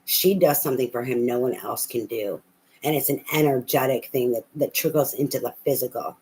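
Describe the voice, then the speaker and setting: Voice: medium pitch, fairly quick, a little mellow, slight background noise, rough recording. Blunt, profane tarot reader. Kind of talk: casual spoken tarot reading.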